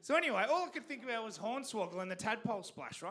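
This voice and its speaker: A man's voice: high-pitched, very animated, racing, fairly bright tone. An Australian man telling a rambling, profane stand-up comedy story on a theatre stage.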